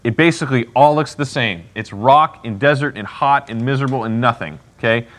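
A man leads a Bible study in a casual teaching style, talking conversationally, acting out people's lines and often checking in with "okay?" His mid-range voice is a little fast and a bit bright.

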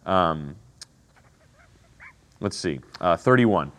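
A man with a somewhat low voice teaches a Bible class in an easygoing, conversational way. He keeps checking in with his listeners and tosses in quick asides as he explains the passage. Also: expressive, a bit bright. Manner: conversational, checks in with "okay?" and "right?". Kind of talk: casual teaching with commentary.

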